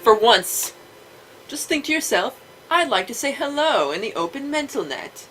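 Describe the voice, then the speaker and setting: A woman's voice: a little high, sing-song, normal speed, pushed and bright, soft background music, rough recording. A woman reading game dialogue aloud with friends in a playful, mock-official way. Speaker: let's play host.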